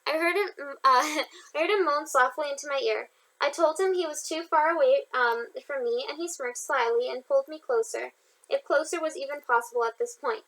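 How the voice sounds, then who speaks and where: A woman's voice: high voice, fairly bright tone, low-quality recording. A woman, the author, reading her own novel aloud as an informal audiobook, with some restarts along the way. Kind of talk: self-read audiobook narration.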